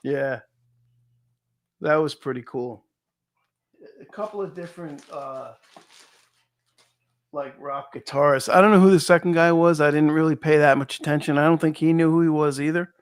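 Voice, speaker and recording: Joking, chatty man, a bit high. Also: normal speed, long pauses. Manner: joking, chatty, laughs often. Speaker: co-host of a precious metals livestream. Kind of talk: casual chat.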